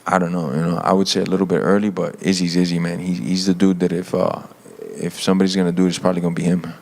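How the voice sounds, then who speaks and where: A man's voice: low voice, flat delivery, rapid-fire, gravelly, darkish tone. A man, a fighter, answering interview questions hesitantly with lots of fillers. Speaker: MMA fighter.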